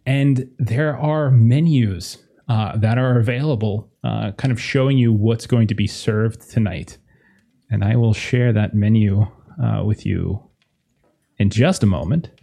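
Male GM, dark mellow voice, halting delivery full of fillers. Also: fairly low pitch, vocal fry. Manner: halting, many filler words and restarts. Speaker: game master. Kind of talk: narrating a tabletop horror game.

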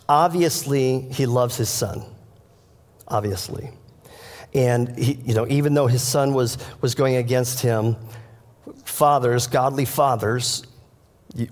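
Preaching pastor in a reverberant hall. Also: male voice, medium pitch, a little mellow. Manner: earnest, storytelling, addresses congregation directly. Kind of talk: sermon. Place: church sanctuary.

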